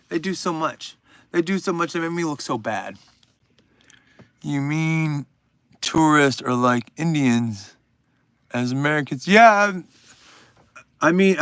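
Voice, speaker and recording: A man's voice: fairly high pitch, sharp tone, dry recording. A man in his forties hosting a casual livestream, chatting with viewers and reading their comments in a rambling, profane, self-deprecating way. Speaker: livestream host.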